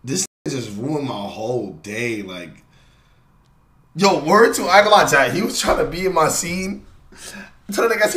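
A young man streaming a live reaction, talking in slang and swinging from low mutters to loud excited shouts. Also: normal speed. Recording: roomy echo with faint noise.

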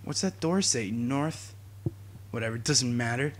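An excitable young man gives let's-play commentary, joking with his viewers and yelling at enemies when things go wrong. His mid-range voice leaps up in pitch when he gets worked up. A faint hiss sits under the recording. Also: unhurried. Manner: excitable, jokey, talks to viewers, yells at enemies. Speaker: gaming YouTuber.

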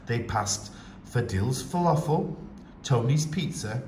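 A male teacher reading a picture book aloud with slow, expressive storytelling. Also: mid-range voice, slight background noise. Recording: echoey room with faint ambience.

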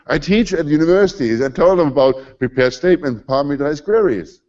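A man's voice: fairly high pitch, a little fast, muffled recording. A man in his forties with a German accent, giving a conference talk and acting out quotes as he tells stories. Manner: animated storytelling with acted-out quotes. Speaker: conference speaker. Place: conference hall.

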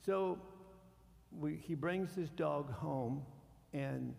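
Casting: male pastor, gravelly, fairly high voice, fiery sermon swinging hushed to loud. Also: drawn-out words. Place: church sanctuary. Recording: long church hall reverb.

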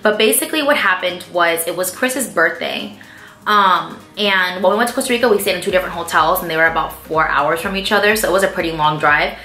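A woman's voice: fairly low pitch, fast, sharp tone. A young woman beauty vlogger answering viewer questions in casual chat, filling her speech with "like" and "um". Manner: chatty, fills speech with "like" and "um". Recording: echoey room with faint music.

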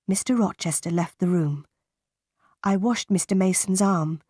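A woman narrating a graded English storybook in a slow, careful, clearly paced reading style. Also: fairly low pitch, darkish tone, dry recording, studio quality.

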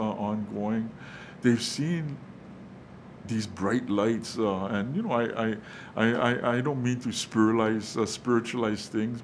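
Halting male pastor preaching. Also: mid-range voice, slight background noise. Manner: halting delivery with many fillers and restarts; addresses listeners as guys. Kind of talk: sermon.

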